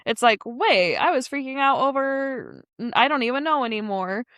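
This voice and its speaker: A woman's voice: high voice, lively intonation, normal speed, a bit bright, no echo, clean studio sound. A woman co-hosting a podcast, chatting casually and animatedly about an anime episode, rambling with fillers and laughter. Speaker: podcast co-host. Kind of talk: casual anime recap chat.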